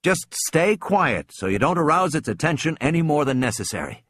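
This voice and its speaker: A man voicing a calm, authoritative grown man giving firm instructions over a radio, in a dry studio audiobook reading. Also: on the high side, normal speed, dry recording, pitched above the performer's own voice. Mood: steady.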